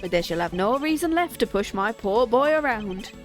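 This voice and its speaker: A woman putting on a patronizing older gentleman. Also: on the high side, sing-song. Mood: reproachful. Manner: soothing, patronizing, drawn-out. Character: smooth older man, condescending patriarch. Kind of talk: reading game dialogue aloud. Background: faint game music.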